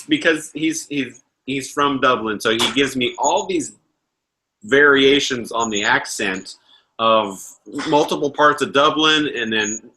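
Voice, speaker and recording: Bright-voiced man telling a rambling story. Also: medium pitch, low-quality recording. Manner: rambling, laughs and swears often. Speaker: livestream host. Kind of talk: casual storytelling chat.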